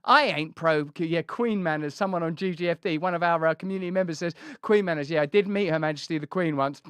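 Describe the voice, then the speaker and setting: A man hosting a casual political commentary show, animated and jokey, slipping into silly put-on voices. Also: fairly high pitch, quick pace, smooth, no room sound. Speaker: host.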